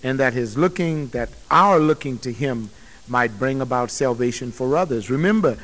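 A man's voice: medium pitch, animated, normal speed, fairly bright tone, long reverb tail. A man preaching a sermon as a pastor, speaking bluntly and emphatically to his congregation.

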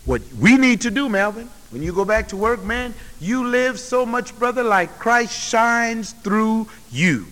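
A man's voice: sits high, expressive, measured pace, few pauses, a bit bright, in a large hall. A man preaching a sermon as a pastor, speaking bluntly and emphatically to his congregation.

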